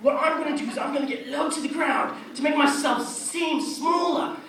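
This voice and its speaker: A young man doing an impression of an excitable outback wildlife presenter, in an echoey hall recorded from far off. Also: extremely high pitch, moderate pace, a little hiss or hum, pitched above the performer's own voice. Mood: excited.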